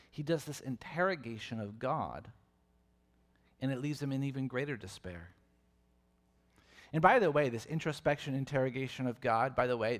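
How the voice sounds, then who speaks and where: A man preaching a sermon as pastor, animated and swinging between loud and soft as he acts out questions. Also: medium pitch. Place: church sanctuary. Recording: long reverb of a church hall.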